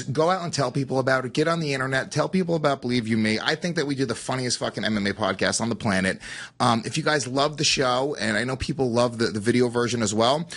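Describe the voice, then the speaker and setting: A man's voice: medium pitch, a bit bright. A man hosting a podcast, reading listener questions in a loose, profane way. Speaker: podcast host.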